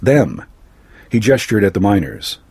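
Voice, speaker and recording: With an even, measured manner, a low-voiced man with a bit of husk reads aloud a fantasy narrative from a script. The close-miked recording is dry, lacking room sound or echo.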